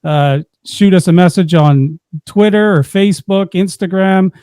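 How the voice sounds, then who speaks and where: A man's voice: high voice, unhurried, mellow, clear, resonant tone, dry recording, studio quality. A man co-hosting a casual real estate chat, easygoing and teasing. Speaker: co-host.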